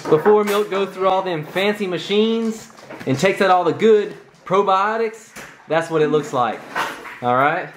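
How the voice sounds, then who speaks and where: A woman's voice: fairly low pitch, animated, a little slow. A woman talking casually to the camera in a home kitchen, explaining things in a folksy way. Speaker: parent vlogger. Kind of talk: casual home video talk. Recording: camera autofocus noise in the background.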